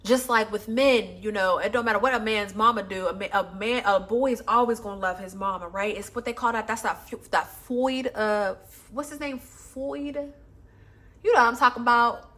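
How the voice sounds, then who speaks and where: A woman tarot reader talks straight to her viewers in a casual, slangy way, swearing freely. Her voice sits a little high. She swings between loud, emotional bursts and soft, soothing stretches. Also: normal speed. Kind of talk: casual pick-a-pile reading.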